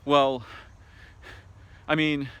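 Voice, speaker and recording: An American man speaking an unscripted monologue to camera, thoughtful and halting, with many pauses, fillers and restarts. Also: mid-range voice, level tone, a bit bright, clear, resonant tone. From United States. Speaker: video essayist. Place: home in a city. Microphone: camera mic.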